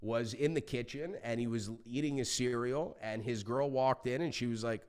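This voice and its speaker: A man talking as a podcast guest, telling stories in a passionate, animated way and swearing freely. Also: mid-range voice, normal speed, clear, resonant tone. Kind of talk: casual interview talk.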